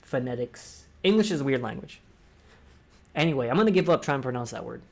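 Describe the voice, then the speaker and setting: A young man hosting a casual online talk, speaking fast and rambling, swearing freely. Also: mid-range voice, animated, vocal fry. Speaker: discord talk host. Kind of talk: casual chat.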